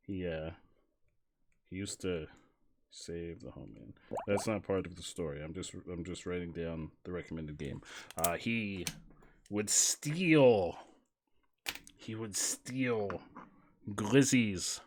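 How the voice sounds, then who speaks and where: A man streaming casually, joking and rambling through an improvised silly story, swinging from mumbles to loud bursts. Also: on the low side, lively intonation, measured pace, long pauses, slight background noise.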